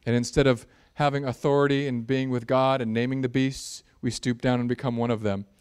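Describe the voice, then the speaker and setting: A man preaching a sermon, animated and jokey, building in intensity at times. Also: mid-range voice, brisk, clear, resonant tone. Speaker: pastor.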